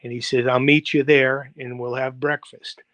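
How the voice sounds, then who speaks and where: A man's voice: mid-range voice, level tone, moderate pace, a bit bright, dry recording, rough recording. A man in his seventies from the United States, a football coach telling long anecdotes in an interview, with many fillers and acted-out quotes. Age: 70s. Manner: rambling, full of fillers and quoted dialogue. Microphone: video call livestream.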